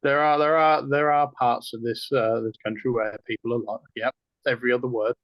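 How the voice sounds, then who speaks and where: A man with an English Midlands accent talks casually as a guest, chatty and quick to laugh. His voice sits at a middling pitch. The sound is dry and close, with no room echo. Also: lo-fi sound. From England. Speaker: co-author guest. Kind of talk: casual interview chat.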